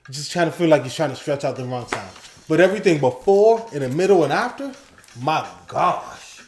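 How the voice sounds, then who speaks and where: An excitable man with a slightly high voice talks casually as co-host and breaks into animated quoted lines. His voice rings in an echoey room. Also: fast talker, slight background noise. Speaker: podcast co-host. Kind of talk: casual chat, ranking episodes.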